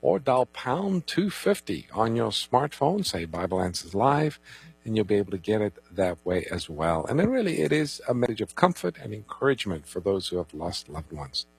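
A man co-hosting a call-in Bible radio show, calmly explaining scripture and introducing callers. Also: fairly low pitch, moderate pace, gravelly, husky, rough recording. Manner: calm, reassuring, gives phone numbers and takes calls.

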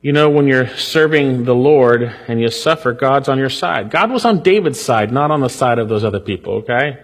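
A man preaching through a psalm in a church sanctuary. His voice is slightly husky, and a long reverb trails each phrase. He reads the verses aloud, then presses their meaning home with climbing emphasis. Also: mid-range voice, expressive, moderate pace. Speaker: pastor. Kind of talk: expository sermon on a psalm.

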